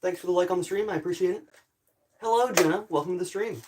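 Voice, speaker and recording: A young man talks to his live stream viewers in a loose, rambling way, apologizing often. His voice sits a little high for a man yet carries a groggy morning roughness. A faint hiss of background noise stays under his speech. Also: fast talker. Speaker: livestreamer. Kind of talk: casual live stream chat. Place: home in a rural area.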